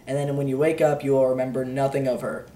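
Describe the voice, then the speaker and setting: A man's voice: medium pitch, flat delivery, fast talker, mellow, distant mic. A teenage boy giving a rambling, unsure movie review, full of fillers and offhand "blah, blah, blah" asides. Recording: roomy echo, a bit off-mic.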